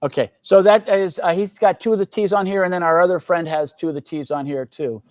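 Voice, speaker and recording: A man with a slightly high voice hosts a relaxed live stream about teas. He rambles, fills pauses with "uh" and "um", and drops in joking asides to the crew. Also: no echo, low-quality recording. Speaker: tea company host. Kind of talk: casual live-stream chat.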